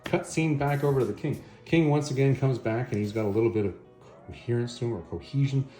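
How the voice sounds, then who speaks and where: Male comic reviewer, low and warm, casual retelling with quick character asides; roomy echo, faint music underneath. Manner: chatty, acts out quoted dialogue in passing. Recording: echoey room, faint background music.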